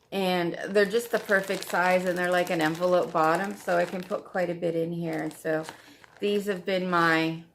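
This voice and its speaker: A woman's voice: fairly low pitch, gravelly, slight background noise. A woman hosting a stitching vlog, chatting casually and gushing over her projects, often repeating herself. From Canada. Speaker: flosstube host. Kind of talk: casual show-and-tell chat.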